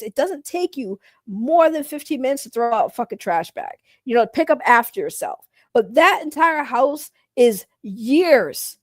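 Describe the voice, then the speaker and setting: A woman with a high voice delivers a heated, profane rant as commentary, hammering the same points over and over. The sound is dry and close, with no room around her. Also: a little mellow, no room sound. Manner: heated, profane, repetitive ranting. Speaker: commentary streamer. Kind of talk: casual ranting commentary.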